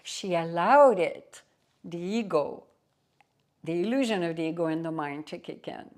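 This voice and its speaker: Woman teacher, devotional satsang talk, slow unhurried delivery, lowish voice, storytelling with emphatic asides. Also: expressive, darkish tone. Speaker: spiritual teacher.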